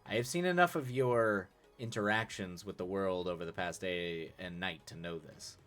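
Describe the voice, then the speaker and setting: A man reading aloud the lines of a stoic, deadly serious exiled man, speaking quietly and slowly. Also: low-pitched, faint music behind. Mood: grave, quiet. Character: stoic, grave exiled man, slow and measured.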